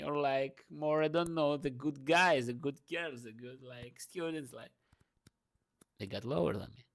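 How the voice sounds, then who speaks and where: A young man ranting through a morning monologue in his second language. He swears freely and swings between loud outbursts and low murmurs. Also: measured pace. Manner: speaks English as a second language. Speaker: vlogger.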